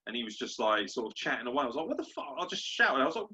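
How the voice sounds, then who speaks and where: Sweary southern English man, bright husky voice. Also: mid-range voice, rapid-fire. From southern England. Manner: sweary, animated ranting, puts on gruff voices. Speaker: podcast host. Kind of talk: casual sports podcast chat.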